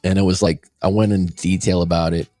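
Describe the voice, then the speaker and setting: A man's voice: low voice, level tone, brisk, dark tone, no echo, clean studio sound. A man in his forties, a life coach hosting a show, talking casually and bluntly, swearing freely. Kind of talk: casual podcast talk.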